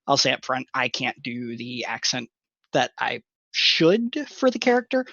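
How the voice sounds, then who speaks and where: Brief: male podcast panelist, mid-pitched, thoughtful and explanatory, lo-fi dry recording. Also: big pitch swings, unhurried, vocal fry, a bit bright, no echo. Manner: thoughtful, explains at length with many fillers. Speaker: podcast panelist and tabletop player. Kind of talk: casual podcast chat. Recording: dull lo-fi dry sound.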